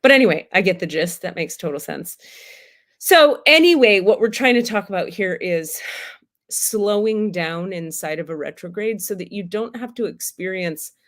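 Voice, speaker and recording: A woman's voice: mid-range voice, lively intonation, moderate pace, a bit bright. A woman hosting a spiritual livestream, talking candidly and casually, swearing freely and laughing often.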